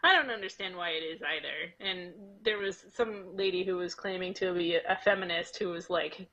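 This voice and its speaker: Wry woman with a bright voice. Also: on the low side, highs cut off. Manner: wry, sarcastic, quick to laugh. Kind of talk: casual podcast chat.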